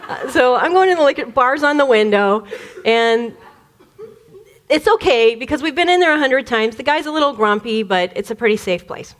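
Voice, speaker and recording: A woman with a fairly high voice tells a story from her childhood. She speaks in an animated way, laughs easily and slips into the voices of the people in her tale. She is from the Detroit area and speaks as a spiritual speaker. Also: moderate pace. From Detroit area, USA. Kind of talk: personal storytelling talk.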